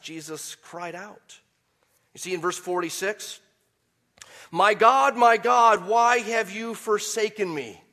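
A man preaching a sermon, swinging from quiet, measured explanation to loud, impassioned peaks when he quotes scripture. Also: mid-range voice. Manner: impassioned preaching, rising to near shouts on quotes. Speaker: pastor.

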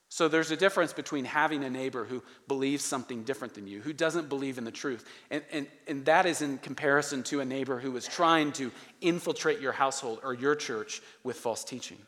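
A man's voice: mid-range voice, a bit bright. A male pastor preaching a sermon in a conversational, emphatic way, often repeating phrases for stress. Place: church sanctuary. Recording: long reverb of a large hall.

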